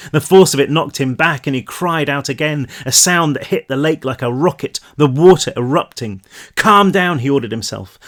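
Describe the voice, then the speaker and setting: A man reads his own novel aloud in a plain, mid-range voice. His delivery is steady storytelling rather than acting, and he corrects a word now and then as he goes. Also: medium pitch. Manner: steady storytelling read-through with small slips. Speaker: author reading his novel. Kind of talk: audiobook-style reading aloud.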